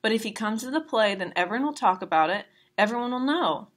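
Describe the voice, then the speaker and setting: A woman's voice: a little high, lively intonation, quick pace. Lady reading as an upset teen girl from a storybook, defensive, plain voice. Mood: tearful. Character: teenage girl, upset, defensive then tearful.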